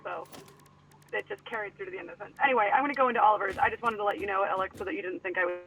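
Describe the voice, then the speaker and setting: A woman's voice: mid-range voice, very fast, fairly bright tone, slight background noise. A woman chatting casually and giggling on a phone call from her car, joining friends' co-op game session. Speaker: co-op game player calling in. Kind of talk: casual chat.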